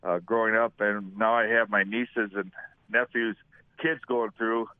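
An older man, a retired football coach, speaking on a radio interview with fillers and halting restarts. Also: lowish voice, fairly even intonation, no echo. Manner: halting, with fillers and self-corrections. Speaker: retired high school football coach, guest. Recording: tinny phone line.

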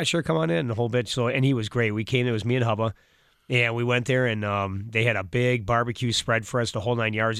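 A high school football coach co-hosts a radio show and tells long stories that wander along. He talks very fast. The sound is dry and close to the mic. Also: a bit bright, no room sound. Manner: rambling, quick storyteller. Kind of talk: casual radio chat.

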